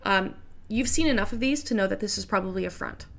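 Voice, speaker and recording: A woman's voice: mid-range voice, lively intonation, quick pace, creaky. A woman running a tabletop game as game master, describing scenes casually with many fillers. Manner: casual, filler-heavy narration.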